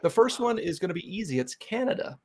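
A young man from North Carolina hosting a casual fan podcast interview, chatty and quick to laugh. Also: sits high, big pitch swings, a little mellow, husky. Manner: chatty, laughs often, many fillers. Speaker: podcast host.

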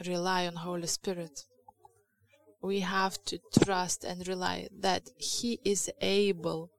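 A woman's voice: fairly low pitch, creaky, low-quality recording. A woman with a Lithuanian accent preaching a sermon in English, her second language, in a candid, confessional way with frequent halts and restarts.

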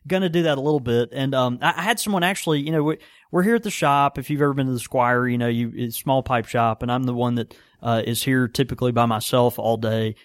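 A man, co-hosting a casual talk show from a small pipe shop, relaxed and chuckling, with lots of fillers and restarts. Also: mid-range voice, fast, no room sound, clean studio sound. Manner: laid-back, chuckling, many fillers and restarts. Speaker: podcast co-host and pipe shop worker. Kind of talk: casual chat.

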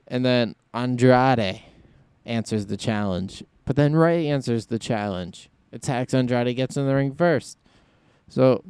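A man's voice: mid-range voice, a little slow, darkish tone, clean tone, dry recording. A man hosting a solo podcast in casual chat, rambling and thinking aloud as he goes. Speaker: podcast host.

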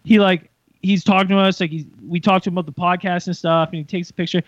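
A man's voice: high voice, fairly even intonation, fast talker, dry recording, lo-fi sound. A man hosting a podcast, telling a story animatedly with swearing and acted-out quotes. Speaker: podcast host. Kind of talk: casual chat.

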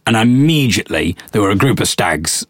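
A man in his thirties, a podcast host and comedian, chatting and telling stories in an animated way. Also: lowish voice, a little fast, dry recording, studio quality. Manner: chatty storyteller, animated, acts out voices in anecdotes. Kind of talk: casual chat.

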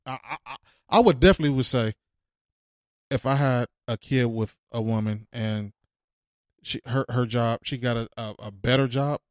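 A man's voice: mid-range voice, normal speed, no room sound, clean studio sound. A man from Los Angeles hosting a podcast, talking casually but earnestly, turning preachy when he makes a point. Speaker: podcast host.

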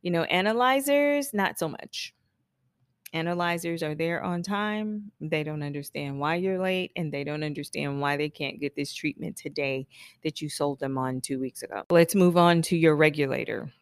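A chatty woman with a somewhat low voice talks casually to hairstylists about running a business. She laughs often and slips into quick impressions of her clients. The sound is dry and close, with no room around it. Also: clean tone, no echo. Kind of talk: casual solo podcast talk.

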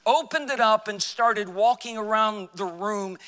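A man preaching a sermon as pastor, telling a personal story and dropping quiet for emphasis. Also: sits high, measured pace, long reverb tail. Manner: storytelling, acts out quoted voices, drops quiet for emphasis. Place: church sanctuary.

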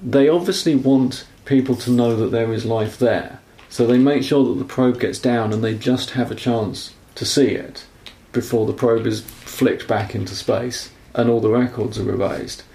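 A man's voice: mid-range voice, fairly even intonation, moderate pace, vocal fry, few pauses, warm tone, roomy sound. A man co-hosting a casual film podcast, rambling and correcting himself as he talks. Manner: rambling, self-correcting, apologetic about being nerdy. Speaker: podcast co-host.

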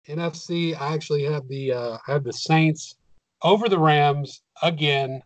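A man co-hosting a sports podcast, talking through his picks in a measured, analytical way with some hesitations. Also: a little high, no room sound, low-quality recording. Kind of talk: casual sports chat.

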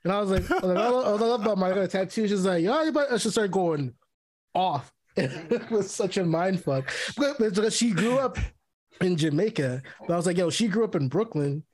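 A man with a notably high voice co-hosts a casual podcast. He tells stories in an animated way, tripping over repeated words and laughing along the way. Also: normal speed. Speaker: podcast co-host.

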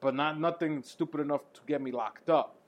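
A man telling a story in casual podcast talk, profane and animated, laughing often. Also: fairly high pitch, fairly quick. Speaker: podcast co-host.

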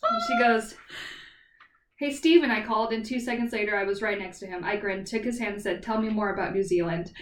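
A woman's voice: medium pitch, fairly quick, recorded from a distance, a little hiss or hum. A woman co-hosting a book podcast who retells a plot casually, with lots of "like". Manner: animated retelling, heavy use of "like". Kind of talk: casual chat. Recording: roomy echo, away from the mic.

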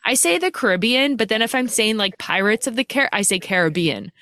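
A woman's voice: a little high, fast talker, bright, forceful tone. Chatty woman hosting a podcast. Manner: chatty, frank, laughs easily, swears casually. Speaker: podcast host. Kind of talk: casual interview conversation.

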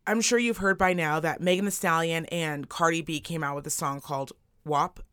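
A woman's voice: low voice, moderate pace, clean tone, no echo, studio quality. A young woman co-hosting a casual podcast chat, blunt and profane, telling stories with lots of energy. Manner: blunt, profane, animated storytelling. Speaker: podcast co-host.

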